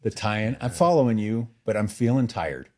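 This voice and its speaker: A man's voice: fairly low pitch, animated, brisk, darkish tone. A man hosting a podcast in casual chat, teasing his co-host and laughing easily.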